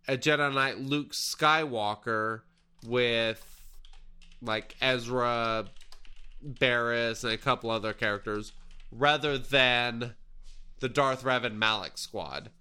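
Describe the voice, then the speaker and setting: Male podcast host, unhurried, clear smooth voice, rambling casual chat. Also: mid-range voice. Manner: relaxed, rambling with fillers.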